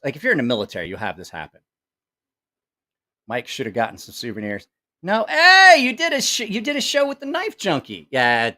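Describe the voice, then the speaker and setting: A middle-aged man tells a story in a loose, casual way, and his pitch swings widely up and down. He swears freely, acts out the people in the story and keeps correcting himself as he goes. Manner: profane, animated, acts out quoted voices; rambling with self-corrections. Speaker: channel host.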